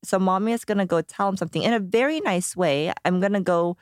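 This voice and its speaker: A woman co-hosting a podcast in casual chat, telling a story in an animated way and acting out what people said. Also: mid-range voice, fast, clean tone, no room sound, studio quality. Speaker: podcast co-host.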